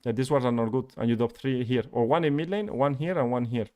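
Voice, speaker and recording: A man's voice: medium pitch, quick pace. Exasperated male coach. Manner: exasperated, animated critique. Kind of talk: live-streamed gameplay review.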